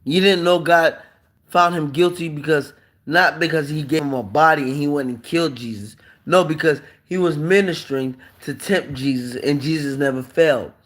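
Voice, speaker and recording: A man's voice: fairly high pitch, moderate pace, fairly bright tone. A man preaching in an impassioned monologue on a live stream, emphatic and firing off rhetorical questions.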